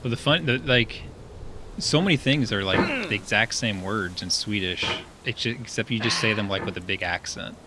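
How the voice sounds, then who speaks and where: A man's voice: fairly low pitch, moderate pace, background noise. A man streaming a game and chatting casually, rambling with lots of fillers and frequent laughs.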